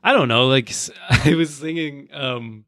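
A man's voice: mid-range voice, a little slow, fairly bright tone, no room sound, studio quality. A man chatting casually on a podcast, laughing often and hesitant about his own attempts. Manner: laughing, self-deprecating, hesitant. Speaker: podcast co-host. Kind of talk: casual chat. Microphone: headphones, podcast mic.

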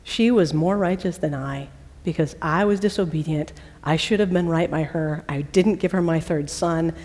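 A humbled older man, voiced by a woman preacher confesses in a low, solemn hush. The hall's long reverb lingers under each line. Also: normal speed. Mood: remorseful.

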